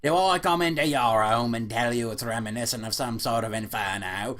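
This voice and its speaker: A man voicing a cordial, fussy British gentleman in the afterlife, speaking slowly and emphatically with a British accent. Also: medium pitch, big pitch swings. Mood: irate. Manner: cordial, slow and emphatic, turns irate.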